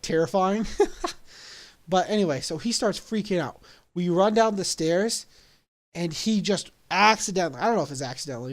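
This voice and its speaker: A young man telling a story casually, animated and laughing along at his own story. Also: on the high side. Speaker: vlogger.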